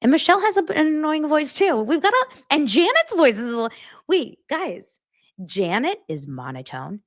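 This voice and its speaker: Lively, chatty woman host. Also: high voice, moderate pace. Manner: chatty, animated, talks straight to her audience. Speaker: podcast host. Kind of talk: casual gossip chat.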